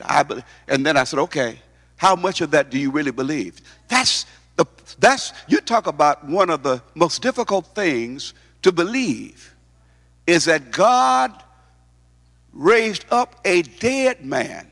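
Male preacher, high voice, emphatic sermon delivery, long hall reverb. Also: very animated, unhurried, gravelly, a bit bright. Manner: emphatic, repeats words, asks the congregation questions.

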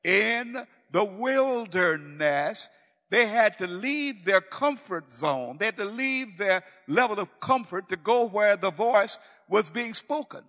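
A man preaching a sermon, emphatic and repetitive, swinging from loud declarations to hushed pleading. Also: high voice, expressive, slow, long reverb tail.

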